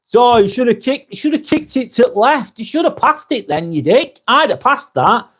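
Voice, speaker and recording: A man doing a loud pub armchair football fan. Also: very high-pitched, big pitch swings, moderate pace, slightly rough, pitched above the performer's own voice, exaggerated voice. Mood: scolding. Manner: shouty, bossy backseat coaching.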